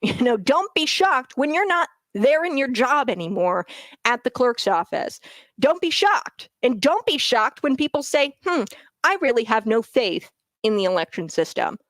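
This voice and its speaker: Expressive and a bit bright, this woman's high-leaning voice moves at a normal speed with no echo. She's a talk radio host giving opinionated political commentary, getting worked up and repeating phrases for emphasis.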